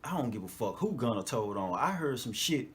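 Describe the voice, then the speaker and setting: A man's voice: mid-range voice, brisk. A man hosting a podcast in a casual, profane monologue, laughing often and checking in with his listeners. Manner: animated, profane, laughs often, frequent "you know what I'm talking about". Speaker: podcast host.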